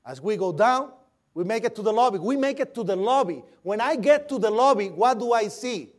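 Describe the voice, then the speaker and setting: A man's voice: high-pitched, animated, fairly quick. A man giving an eyewitness account as vivid storytelling, imitating the sounds and voices he heard. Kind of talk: recounting a personal account.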